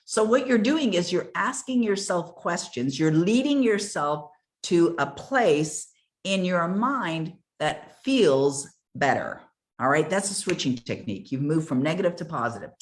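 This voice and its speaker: A woman's voice: lowish voice, animated, normal speed. An older woman giving an earnest, emphatic motivational coaching talk, repeating key words for stress. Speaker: success coach.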